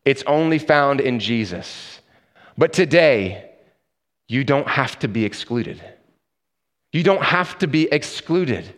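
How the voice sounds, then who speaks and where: A man's voice: mid-range voice, expressive, slow, long pauses, fairly bright tone, big-room sound. A man preaching a sermon as a pastor, shifting into storytelling and acting out the people in his stories.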